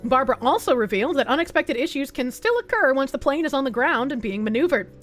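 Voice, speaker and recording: A woman's voice: high-pitched, animated, fast, faint music behind. A young woman streamer reading an article aloud and reacting with blunt, sarcastic, swearing commentary.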